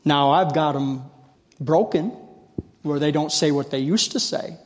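A man preaching a sermon in a folksy storytelling way, calling on the congregation to answer and growing loud when fired up. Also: fairly high pitch, measured pace. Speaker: lay preacher. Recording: long hall reverb.

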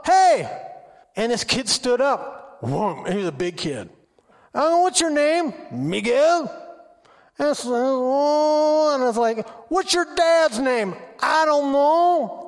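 A middle-aged man giving an informal sermon full of stories, acting out quotes in an excited voice. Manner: animated, acts out quotes with high excited pitch. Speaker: preacher. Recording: long hall reverb.

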